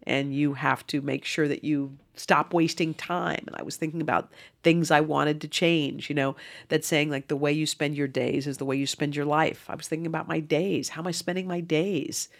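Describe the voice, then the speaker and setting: Gravelly woman in her fifties. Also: low-pitched, normal speed. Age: 50s. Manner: earnest, animated, acts out dialogue. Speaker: interview guest. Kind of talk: candid personal storytelling.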